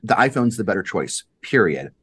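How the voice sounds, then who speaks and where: A man's voice: fairly low pitch, moderate pace, husky. A middle-aged man co-hosting a podcast, chatting casually and filling his sentences with "you know". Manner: relaxed, conversational, many "you know" fillers. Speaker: podcast co-host. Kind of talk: casual chat.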